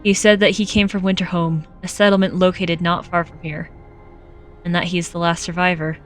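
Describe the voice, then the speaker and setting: A woman streaming a game, reading its text aloud and reacting with loud jokey asides. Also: fairly low pitch, level tone, normal speed. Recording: faint game music behind.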